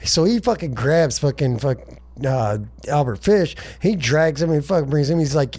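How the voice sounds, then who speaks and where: A man's voice: fairly high pitch, animated, normal speed, a little mellow. A man co-hosting a podcast, telling a long profane comic story in casual chat and voicing the characters in passing. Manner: rambling, profane storytelling with voiced asides. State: been drinking. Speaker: podcast co-host.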